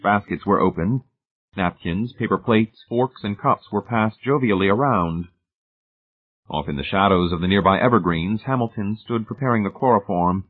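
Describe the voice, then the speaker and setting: A man narrating a story aloud in a measured reading. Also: fairly low pitch. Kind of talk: audiobook narration. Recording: tinny phone-like band.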